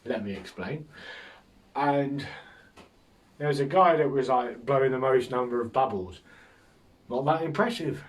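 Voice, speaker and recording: A man's voice: medium pitch, unhurried, pauses often, distant mic. A man hosting a casual solo podcast, rambling through jokes with a self-mocking humour and frequent chuckles. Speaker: podcast host.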